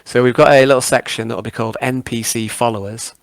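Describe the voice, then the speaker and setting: A man's voice: medium pitch, fairly even intonation, quick pace, no room sound. A man narrating a tabletop game as game master, with frequent hesitant ums.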